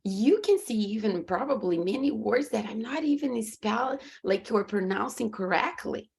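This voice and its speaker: A woman's voice: a little high, normal speed, gravelly, breathy edge. A woman with a Brazilian Portuguese accent, a podcast guest and coach, telling stories earnestly over a video call and acting out her own reactions. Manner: animated storytelling, acts out her own reactions; faith-driven, earnest. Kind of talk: conversational interview.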